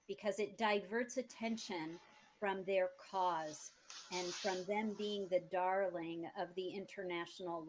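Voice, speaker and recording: A woman's voice: medium pitch, a little hiss or hum, low-quality recording. An American woman, a former diplomat, answering interview questions in an earnest storytelling way, stressing key words. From United States.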